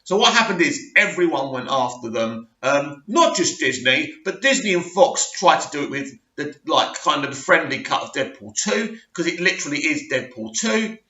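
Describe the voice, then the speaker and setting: A man's voice: a little high, very animated, normal speed, few pauses, bright, forceful tone, roomy sound, dull audio. A middle-aged man giving a blunt, emphatic film review rant, stressing points and often asking "right?". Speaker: movie review vlogger.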